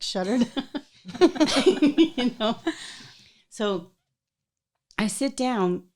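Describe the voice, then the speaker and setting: A woman hosting a podcast, chatting casually and telling a personal story in an animated way, acting out the voices of people in it. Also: mid-range voice. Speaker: podcast host.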